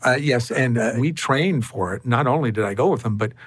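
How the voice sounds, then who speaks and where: Male comic interviewee, mid pitch, relaxed, dry room. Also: fairly quick, dry recording. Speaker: comedian interviewee. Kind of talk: casual interview.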